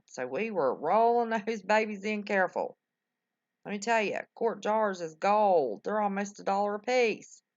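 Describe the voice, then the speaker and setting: Older woman, folksy livestream host, lively up-and-down voice, muffled lo-fi audio. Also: medium pitch. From West Virginia. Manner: folksy, talkative, exclamatory. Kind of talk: casual chat with live viewers.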